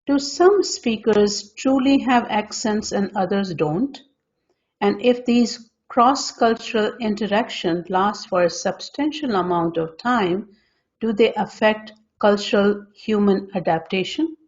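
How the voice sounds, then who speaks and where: Woman, podcast co-host, slow hesitant questions, muffled audio. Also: mid-range voice, darkish tone. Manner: hesitant, with fillers. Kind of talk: podcast interview.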